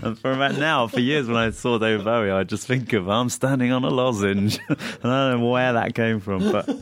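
A man's voice: medium pitch, brisk, crowd noise. A man, a comedian in an interview, telling rambling anecdotes casually, laughing along and acting out the lines he quotes.

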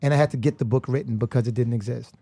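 A man's voice: medium pitch, very fast, dark tone, slightly rough, no room sound. A man guest on a podcast, telling stories casually, laughing often and acting out the voices of people he quotes. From United States. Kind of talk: casual storytelling.

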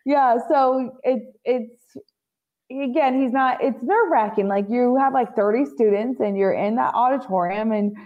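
A woman's voice: on the high side, measured pace, highs cut off. A woman co-hosting a podcast, chatting casually, laughing often and filling her talk with "like" and "you know". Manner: giggly, full of "like" and "you know". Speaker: podcast co-host. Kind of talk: casual chat.

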